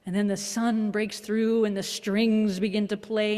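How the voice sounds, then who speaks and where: A woman minister giving a reflective, measured sermon with a gently wry touch. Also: mid-range voice, level tone. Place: worship hall. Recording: long hall reverb.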